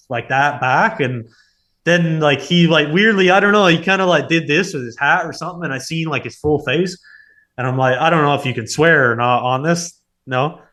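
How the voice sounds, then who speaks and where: A man in his thirties, a former hockey player, telling stories in a relaxed, rambling way, full of filler words. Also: on the high side. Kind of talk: casual storytelling.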